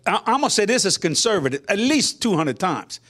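An older man tells his testimony in a high, lively voice that climbs and drops. He talks casually and laughs often, and he acts out the quotes with sudden leaps in pitch. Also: a little fast. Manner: animated, laughing, colloquial, voices quotes with big pitch jumps. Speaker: guest minister. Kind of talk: testimony storytelling.

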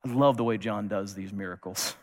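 A man's voice: lowish voice, brisk. A man giving a casual, conversational sermon, with wry asides and stumbling restarts. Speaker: preacher. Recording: long reverb of a large hall.

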